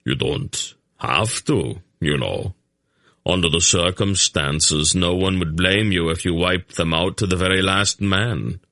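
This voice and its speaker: A big, blunt warrior speaks in a low, offhand grumble, as a man puts him on. The voice drops even deeper than usual, close and dry on the mic. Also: measured pace, no echo, heavily acted. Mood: gruff.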